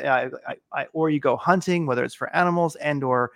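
A man's voice: a little high, brisk, fairly bright tone, no echo, clean studio sound. A man in casual conversation, rambling and musing with many fillers.

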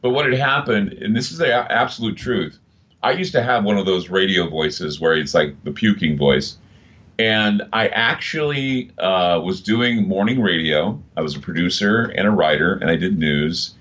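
A man's voice: sits low, normal speed, a bit bright. A man in his fifties, a radio broadcaster, telling stories in a rambling, emphatic way during an interview. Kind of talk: casual interview talk. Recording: dull lo-fi sound.

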